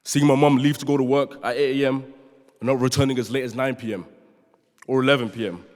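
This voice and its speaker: A man's voice: mid-range voice, fairly even intonation, fast, a little mellow. A young man from London giving an earnest prepared speech as a student speaker in a large chapel, joking with the audience at times. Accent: London English. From London, born in Nigeria. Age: young adult. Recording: long reverb of a chapel hall.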